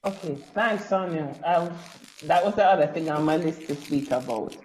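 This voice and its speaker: A woman's voice: sits low, normal speed, a little mellow. A woman panelist building a point step by step with a plain everyday comparison. Her voice sounds roomy and echoey, with faint noise underneath. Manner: explains through a homely analogy. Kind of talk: panel discussion.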